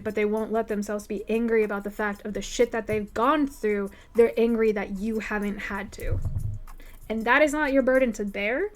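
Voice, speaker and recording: A woman hosting a livestream, answering viewer questions in a candid, profane, emphatic way. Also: on the high side. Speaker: livestream host. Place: home streaming setup.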